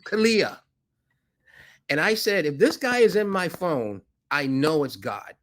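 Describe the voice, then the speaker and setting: A man, a podcast guest who is a financier, telling a story with animated delivery and acting out voices in it. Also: unhurried. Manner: acts out dialogue with rising pitch, laughs often.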